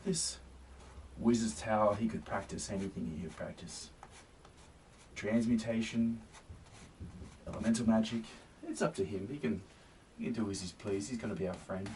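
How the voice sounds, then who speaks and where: A man hosting a painting demonstration, gentle and encouraging, often sinking to a soft near-whisper. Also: on the low side, moderate pace, pauses often. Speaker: painting tutorial host. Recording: slightly distant mic with faint hiss.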